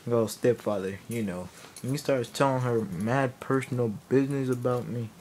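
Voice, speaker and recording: A male vlogger tells a comic story, rambling, laughing, and frequently breaking off mid-sentence. His medium-pitched voice is steady, brisk, and a little mellow, with a slight hiss or hum in the recording.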